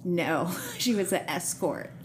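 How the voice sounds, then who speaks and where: A young woman hosting a podcast in casual chat, animated and profane, laughing often. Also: fairly low pitch, slow, noisy background. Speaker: podcast host.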